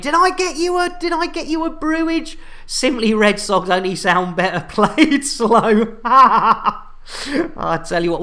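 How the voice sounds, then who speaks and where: Reading his viewers' messages aloud, an English man banters and jokes through a live space game stream. His voice sits high, sounding pushed and bright.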